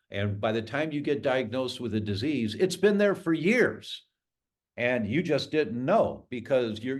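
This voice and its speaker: An older man, a guest, telling a personal story with emotion and acting out the dialogue. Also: mid-range voice. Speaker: guest speaker.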